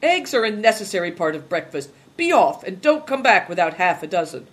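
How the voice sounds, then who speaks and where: A reader voicing a gruff, insolent grown man who mocks and boasts loudly in an audiobook. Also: medium pitch, big pitch swings, a little fast. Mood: loud, mocking. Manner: loud, mocking, laughing. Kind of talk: audiobook character reading.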